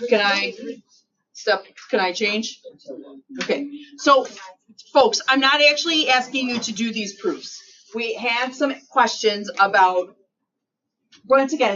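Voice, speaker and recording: A woman's voice: fairly high pitch, fairly bright tone. A woman teaching math to a class, chatty and joking, checking in with the students often. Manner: chatty, checks in with frequent "right?" and "okay?"; joking, self-mocking asides. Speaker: high school math teacher. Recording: distant dull classroom recording, faint noise.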